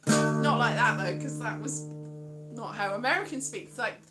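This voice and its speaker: A woman's voice: on the high side, moderate pace, loud music behind the voice. A British woman hosting a casual live stream, chatting playfully and drifting into sing-song. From United Kingdom.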